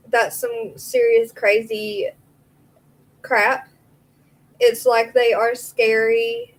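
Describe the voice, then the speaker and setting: A woman's voice: on the high side, poor audio. A woman hosting a true crime live stream, chatting casually, answering viewers by name and reading messages aloud.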